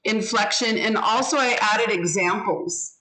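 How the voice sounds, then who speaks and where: Slow-spoken woman teaching a video-call class. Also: mid-range voice, sharp tone, low-quality recording. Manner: slow, deliberate, models inflection and syllables.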